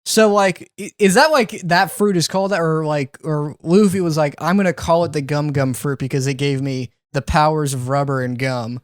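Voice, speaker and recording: A man co-hosting a podcast, talking casually and musing out loud with lots of fillers. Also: on the high side, moderate pace, hardly any pauses, clear, resonant tone, no echo. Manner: dry, musing, full of "like" fillers. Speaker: podcast co-host. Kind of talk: casual chat.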